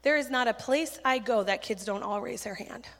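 Animated woman preaching in a reverberant hall. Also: on the high side. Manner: animated, chatty, self-deprecating, quick asides. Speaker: children's ministry speaker. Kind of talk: sermon with storytelling. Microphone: handheld mic.

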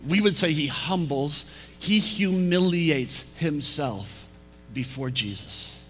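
Bright-voiced male preacher in a reverberant hall. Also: fairly high pitch, animated, soft background music. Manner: storytelling, slows down and drops to a hush for emphasis. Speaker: pastor. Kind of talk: sermon.

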